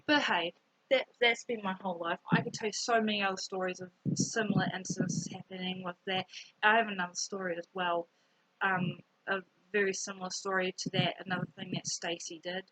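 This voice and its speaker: Breathy young woman telling a story. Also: mid-range voice, dry recording, low-quality recording. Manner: rambling, animated storytelling with fillers. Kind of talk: casual storytime vlog.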